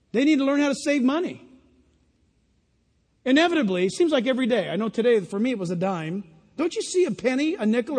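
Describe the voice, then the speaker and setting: A man preaching a sermon as a pastor, in an animated style that mocks other voices in put-on quotes. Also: extremely high pitch. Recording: long reverb of a large hall.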